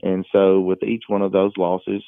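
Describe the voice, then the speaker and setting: A middle-aged man, a high school basketball coach, talking in a phone interview with many fillers and restarts. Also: monotone, a little slow, no echo. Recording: tinny phone line.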